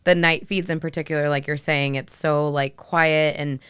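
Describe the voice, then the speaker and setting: A woman in her thirties with a low, smooth voice, speaking softly and reflectively on a podcast. She fills her sentences with "like" and "you know" as she thinks aloud. The sound is close and dry. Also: steady tone, moderate pace, no room sound. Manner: soft, filler-heavy, reflective. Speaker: podcast co-host. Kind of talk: casual chat.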